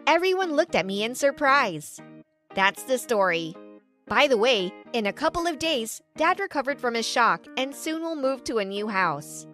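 A woman narrating a first-person story in a lively, animated way. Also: fairly high pitch, normal speed, faint music behind.

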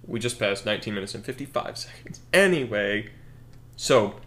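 A young man co-hosting a podcast, thinking a story out loud in casual chat with lots of fillers and self-corrections. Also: fairly low pitch, expressive, moderate pace, a little hiss or hum. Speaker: podcast co-host.

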